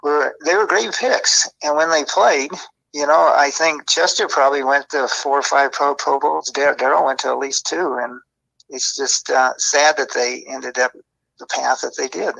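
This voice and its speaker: Man, interview guest, gravelly voice, bright edge, rambling recollection. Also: mid-range voice, fairly even intonation, moderate pace, rough recording. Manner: rambling, self-correcting recollection. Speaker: former football scout and guest. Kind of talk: interview reminiscing.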